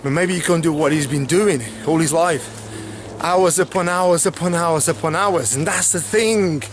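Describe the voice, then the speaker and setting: A man who is a fitness trainer, talking fast and casually to camera, often repeating "okay" and "obviously". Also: a little high, slight background noise. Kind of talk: casual motivational talk to camera.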